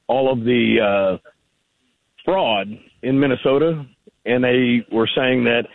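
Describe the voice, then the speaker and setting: A man phones in to a radio show, his voice gravelly and rough. He argues in a rambling way, full of fillers. The sound is tinny and dry, like a phone line. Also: medium pitch, no echo. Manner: argumentative, rambling, many fillers. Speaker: caller. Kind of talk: call-in radio conversation.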